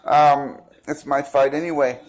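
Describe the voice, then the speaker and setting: A man's voice: medium pitch, steady tone, a little slow, low-quality recording. A man telling a personal account in a rambling, casual way, full of fillers and restarts, acting out the other people's quoted lines. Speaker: protester recounting events. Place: outdoors by a busy street.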